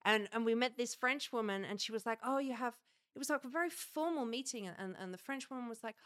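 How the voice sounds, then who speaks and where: Woman, comedian, casual chat, animated, swears, dry recording. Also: fairly high pitch, fast, no room sound. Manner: animated, swearing, laughs often.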